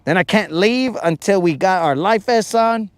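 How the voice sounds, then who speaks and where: A man's voice: high-pitched, expressive, moderate pace, clear, resonant tone, no echo. A man hosting a fishing show, joking around casually on a boat and calling people bro and dog. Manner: slangy, joking, keeps saying bro and dog.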